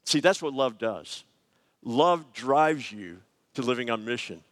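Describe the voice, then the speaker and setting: Middle-aged pastor preaching in a reverberant hall. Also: male voice, mid-range voice, a little slow. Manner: conversational, animated storytelling with many fillers. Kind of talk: sermon with personal stories.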